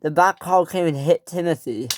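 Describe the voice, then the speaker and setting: A storyteller narrates a story about a toy train, restarting and correcting themselves many times, and acts out each character's lines in higher, louder voices. The pace is normal, with slight background noise.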